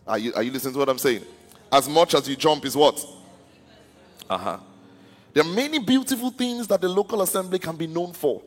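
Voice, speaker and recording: Pastor, man, fairly high voice, sermon style, stammers and checks in with the crowd; echoing hall. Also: breathy edge. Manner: repeats "are you listening" to the congregation; stammers and restarts words. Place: church.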